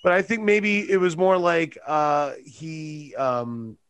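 A man's voice: fairly high pitch, steady tone, takes it slowly, fairly bright tone, smooth, no echo. A man co-hosting a podcast over a video call, chatting casually and cracking jokes in a mock courtroom manner. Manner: jokey, slips into mock courtroom speech. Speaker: podcast co-host. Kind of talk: casual chat.

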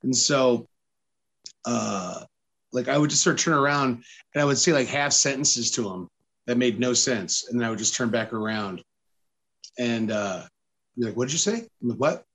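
A man's voice: mid-range voice, steady tone, moderate pace, long pauses, a bit bright. A man telling a long story in casual podcast chat, acting out the lines of the people in it. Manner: rambling storyteller, acts out quotes. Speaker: podcast host.

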